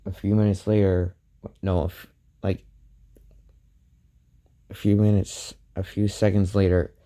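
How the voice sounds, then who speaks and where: A man retells a fan story in a slow, unhurried way, stopping and restarting as he goes. His voice sits low and sounds very dark and mellow. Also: little pitch movement. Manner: halting, many restarts and "goes like".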